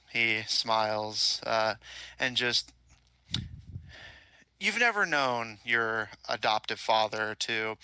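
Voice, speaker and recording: Low, bright-voiced male game master. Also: clear, resonant tone, no echo, rough recording. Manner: halting, filler-heavy narration. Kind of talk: narrating a tabletop game.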